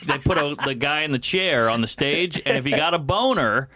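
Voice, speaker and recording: A man from New Orleans guesting on a podcast, in casual chat, wisecracking with quick one-liners. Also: fairly high pitch, animated, noisy background. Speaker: comedian guest.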